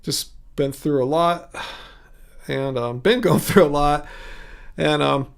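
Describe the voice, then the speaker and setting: Reading chat aloud on his livestream, this middle-aged man from California rambles and halts, laughing frequently and letting thoughts trail off as if mentally worn out. His somewhat high male voice carries vocal fry, with a little noise in the background.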